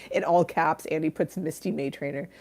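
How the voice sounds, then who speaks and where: A woman's voice: low-pitched, fairly even intonation, moderate pace, darkish tone. A middle-aged woman hosting a casual livestream, reading viewer comments aloud, laughing often and trailing off mid-thought. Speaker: livestream host.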